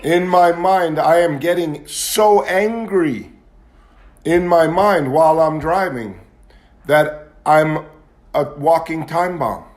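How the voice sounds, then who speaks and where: A man's voice: fairly high pitch, slow. A man giving a candid, confessional talk at a recovery meeting, at times building into agitated intensity. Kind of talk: personal testimony talk.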